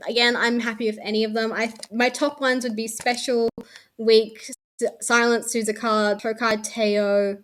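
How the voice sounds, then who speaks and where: Young woman, Australian accent, slightly high voice, casual stream chat, rambling, offhand swearing. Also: level tone, moderate pace, a bit bright. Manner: chatty, swears casually, trails off mid-sentence. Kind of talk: casual chat while unboxing.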